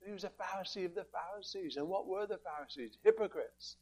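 A man's voice: high-pitched, fairly quick, darkish tone, slightly rough. A man preaching a sermon, emphatic and fond of rhetorical questions as he works through scripture.

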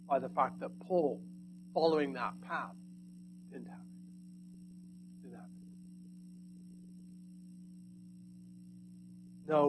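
A high-pitched male preacher delivering a sermon with sharp swings in volume, booming one moment and dropping to near-whispers the next. A faint hum sits under the recording. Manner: dynamic, swinging from loud emphasis to hushed asides.

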